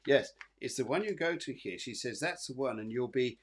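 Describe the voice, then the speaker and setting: A man's voice: mid-range voice, animated, moderate pace, slight background noise. A man hosting a live psychic show, giving reassuring, rambling readings full of fillers and repeated phrases. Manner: rambling and repetitive, many fillers and restarts; soothing, reassuring, addresses viewers by name. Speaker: psychic medium and show host.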